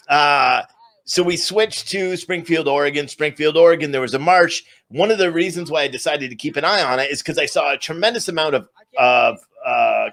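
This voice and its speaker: A man speaks to his live-stream viewers in a voice that sits a little high for a man. His commentary is sarcastic and ranting as he recaps events for them. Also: a bit bright. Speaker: livestream commentator.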